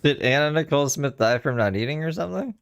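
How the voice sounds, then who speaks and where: A man's voice: fairly high pitch, lively intonation, fast, clean tone, no echo. A man giving casual, chatty commentary on a livestream, swearing and laughing as he goes. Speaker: streamer reacting to a livestream. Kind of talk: casual live reaction commentary.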